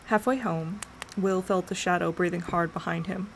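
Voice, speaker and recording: A woman streamer reading a novel aloud in slow, deliberate dramatic narration. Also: lowish voice, steady tone, vocal fry, a little hiss or hum, low-quality recording. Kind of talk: audiobook narration.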